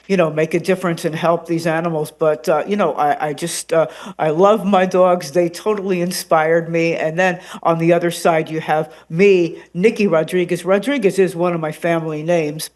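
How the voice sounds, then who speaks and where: A radio host and podcaster, a woman, chatting as a guest in an interview, animated and rambling with plenty of ums and uhs. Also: on the low side. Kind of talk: casual interview chat.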